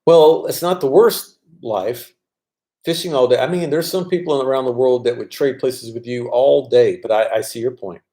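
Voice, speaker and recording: A man's voice: medium pitch, normal speed, warm tone. A man casually chatting on a live stream, reading viewer comments aloud and answering them. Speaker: vlogger answering live chat.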